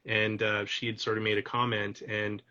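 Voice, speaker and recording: A man's voice: fairly low pitch, flat delivery, normal speed, bright, forceful tone. A man from Canada hosting a casual conversation, telling stories in a chatty way full of "like". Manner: chatty, storytelling, many "like"s. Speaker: host. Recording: dull lo-fi audio.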